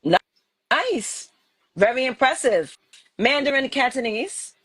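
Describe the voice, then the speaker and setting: A woman's voice: high voice, big pitch swings, slow pace, a bit bright, breathy edge, no room sound. A woman co-hosting a casual live stream, eager and encouraging as she talks.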